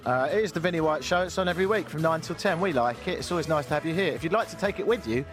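A man's voice: a little high, lively intonation, rapid-fire, music in the background. A man hosting a casual radio talk show, wry and sarcastic, rambling between topics. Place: radio studio. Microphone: studio microphone.

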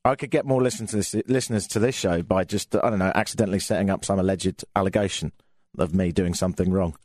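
A man's voice: on the low side, fast talker, darkish tone, dry recording, studio quality. An English man hosting a live radio show, chatting casually with a sardonic, jokey tone and lots of fillers. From England. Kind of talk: casual comedic radio monologue.

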